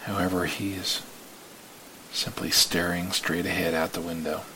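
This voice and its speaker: A man narrating a story in the second person in a slow, hushed way that sometimes drops to a whisper. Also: deep voice, flat delivery, slight background noise, rough recording.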